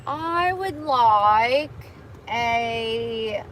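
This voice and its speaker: A woman in a car at a drive-thru, ordering coffee in a put-on accent, slow, careful and overly polite. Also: fairly high pitch, expressive, a bit bright, slight background noise, exaggerated voice.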